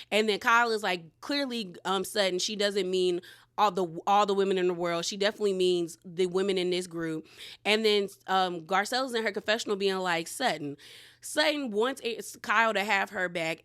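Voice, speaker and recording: A woman's voice: mid-range voice, fairly bright tone. A woman hosting a casual recap of a reality TV episode. She talks bluntly in slang and acts out the cast members' lines as she retells them.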